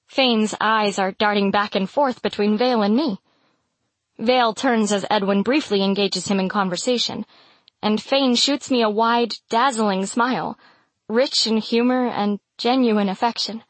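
A woman's voice: medium pitch, dry recording. Woman narrating a first-person romantic fantasy. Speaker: audiobook narrator.

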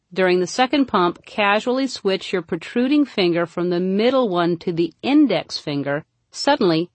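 A woman's voice: medium pitch, dry recording. A woman narrating her own comedic audiobook with a dry, wry comic delivery, recorded close on a studio microphone.

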